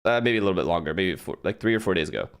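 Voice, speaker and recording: A man's voice: low-pitched, very fast, clear, resonant tone. A man in casual, rambling chat, hosting a watch party and talking to his stream chat; his first language is Gujarati. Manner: rambling, animated, swears casually.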